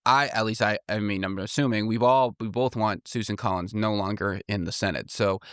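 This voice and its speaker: A man's voice: on the low side, fairly even intonation, brisk, clean tone, dry recording, clean studio sound. A man co-hosting a casual political podcast, chatty and self-deprecating, laughing often. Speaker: podcast co-host.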